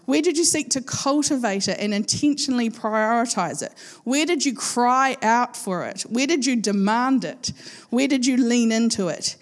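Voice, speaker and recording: A woman's voice: fairly high pitch, animated, normal speed. Playful New woman preaching in a hall. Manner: chatty and playful, laughs often, speaks to a live congregation. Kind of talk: sermon. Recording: long hall reverb.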